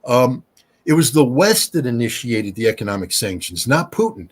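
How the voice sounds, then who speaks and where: Blunt American man with a husky voice. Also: mid-range voice, sing-song, moderate pace. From United States. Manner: blunt, emphatic, talks at length. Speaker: guest expert. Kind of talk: podcast Q&A.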